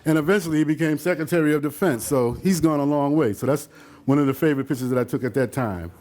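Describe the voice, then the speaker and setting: An older male photographer talks quickly in a higher-pitched, darkish voice, rambling through stories about his photos for a live audience. His casual slideshow talk is loaded with fillers and asides, and he does other voices for the quotes.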